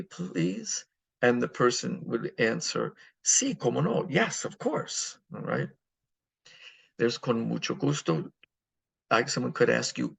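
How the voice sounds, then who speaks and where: Male language teacher, gravelly and husky voice, patient pacing, slow repetition of phrases. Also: medium pitch, a bit bright. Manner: patient, repeats phrases slowly, many fillers. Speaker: Spanish teacher. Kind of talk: recorded online lesson walkthrough.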